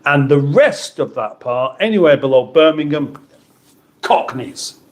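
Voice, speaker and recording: His voice leans high, with lively intonation and an unhurried delivery. The speaker is a middle-aged British man hosting an easygoing livestream, working through viewer comments with banter and restarts.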